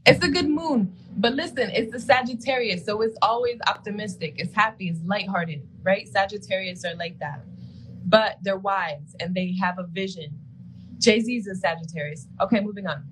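A woman's voice: mid-range voice, normal speed, a little hiss or hum, poor audio. Chatty woman co-hosting a live stream. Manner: chatty, uses "like" a lot, laughs often. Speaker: co-host. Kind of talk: casual live-stream chat about astrology.

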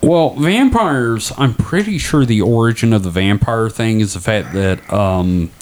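A man's voice: fairly low pitch, animated, unhurried, a little mellow, a little hiss or hum. A young man co-hosting a casual podcast, loose and profane, joking with his co-host.

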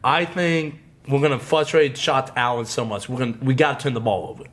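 A man's voice: mid-range voice, fairly even intonation, a little fast, fairly bright tone. A man who is a podcast guest, talking casually and rambling with many fillers. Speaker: guest, die-hard football fan. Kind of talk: casual chat.

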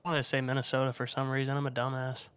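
A man's voice: medium pitch, completely flat delivery, rapid-fire, a bit bright, smooth. A man co-hosting a podcast, playing a trivia game with cocky, joking banter and swearing. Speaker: podcast co-host, trivia contestant. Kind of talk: casual banter.

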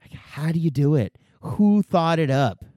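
A man's voice: a little high, unhurried, no echo, studio quality. A man telling crude stories in casual podcast banter, laughing often and swearing freely. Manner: animated, crude, laughing storyteller.

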